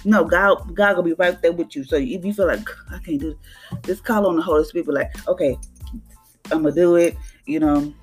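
A woman hosting a podcast devotional, teaching in a casual, conversational way and acting out little voices. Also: fairly low pitch. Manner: conversational, preachy, acts out voices with laughs.

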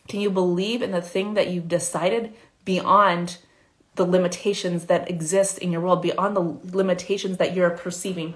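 A woman giving a live spiritual coaching talk in a quick, chatty way with many fillers. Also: on the low side. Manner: fast, chatty, many "like" fillers, acts out inner voices.

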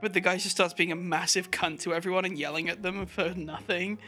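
A man in casual podcast chat, high-pitched and bright in tone. He tells stories with energy and slips into quick impressions, with faint music under the talk. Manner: animated storytelling with put-on impressions. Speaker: podcast co-host.

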